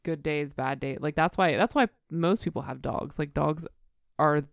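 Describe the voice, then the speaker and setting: Young female co-host, low gravelly voice, blunt casual chat. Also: moderate pace, no room sound, studio quality. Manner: blunt, fillers and swearing. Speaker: podcast co-host.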